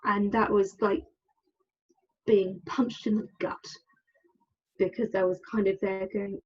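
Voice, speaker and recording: A woman's voice: medium pitch, little pitch movement, takes it slowly, long pauses, a little mellow, slightly rough, dull audio. A woman, a podcast guest telling her personal story candidly and with hesitations. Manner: candid, hesitant, acts out quoted lines.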